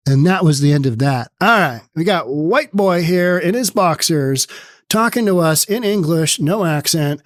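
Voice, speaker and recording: A man's voice: on the high side, expressive, unhurried, no echo, clean studio sound. A man hosting an opinionated news commentary show, reading news aloud and riffing on it with sarcasm. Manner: sarcastic, mocks with put-on quoted voices; reads news text aloud, then riffs on it.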